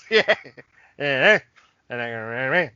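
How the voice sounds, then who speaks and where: A man's voice: medium pitch, big pitch swings, measured pace, sharp tone, clear, resonant tone, dry recording, lo-fi sound. Laughing Brummie man telling a story. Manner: rambling anecdote, frequent laughter and swearing. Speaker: podcast co-host. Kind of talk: casual chat.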